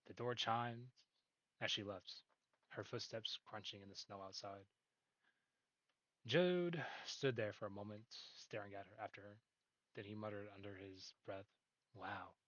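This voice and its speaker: A man's voice: fairly low pitch, measured pace, pauses often, a bit bright. Man casually reading a story aloud. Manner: casual, laughs at his own slips. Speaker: reader. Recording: dull dry recording.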